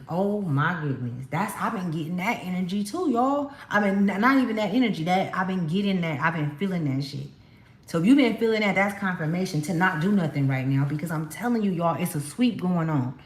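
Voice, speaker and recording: A woman from California, a tarot reader, talks to her viewers a little fast with lively intonation in a voice on the low side. Her casual spiritual card reading is emphatic, chatty and slangy, and the room is echoey.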